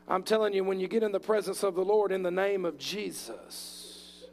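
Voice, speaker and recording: Man, preacher, high voice, impassioned sermon delivery. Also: moderate pace, soft background music. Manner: impassioned, acts out bible voices.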